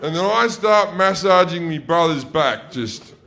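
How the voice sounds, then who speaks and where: Over heavy background noise, a stand-up comedian tells rambling, profane stories and keeps correcting himself mid-sentence. His voice is a little high and a little slow, with vocal fry.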